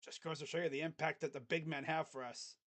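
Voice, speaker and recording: A fan streamer calling a basketball game live, play-by-play style, mixing excited calls with sarcastic jokes and quiet mutters. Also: mid-range voice, quick pace. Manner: joking, sarcastic asides. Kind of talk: casual live play-by-play reaction.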